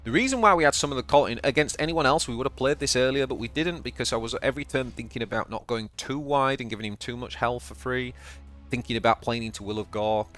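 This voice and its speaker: A man's voice: mid-range voice, quick pace, fairly bright tone, soft background music. A man with a Yorkshire accent giving casual, chatty commentary on his own card game as he plays, thinking aloud and often stumbling over and repeating words. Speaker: channel host and card game player.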